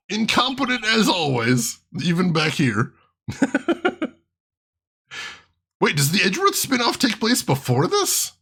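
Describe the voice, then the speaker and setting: A man's voice: high-pitched, huge pitch swings, unhurried, gravelly, pauses often, sharp tone, slightly rough, soft background music. Jokey man doing game commentary. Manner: jokey, laughs often, greets chat. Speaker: let's play host.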